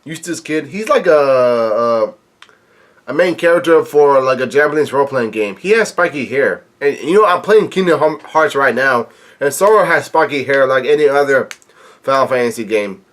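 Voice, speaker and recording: A man's voice: medium pitch, animated, fairly bright tone. A man hosting a reaction video, reading comic dialogue aloud and commenting, stumbling over words with frequent restarts. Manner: halting, frequent restarts and fillers.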